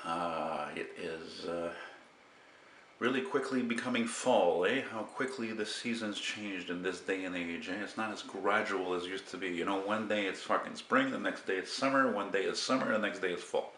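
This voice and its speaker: A man's voice: low-pitched, moderate pace, slight background noise. A man casually rambling and swearing as he shows his painting in a home vlog. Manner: rambling, profane, relaxed. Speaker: artist vlogger. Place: at home beside a window.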